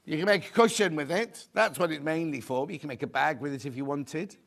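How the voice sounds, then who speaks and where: In a TV studio, a man hosts a live sewing shopping show, chatting away and reading viewer comments aloud while sounding out of breath. He speaks fairly quickly in a fairly high, slightly bright voice with some creak.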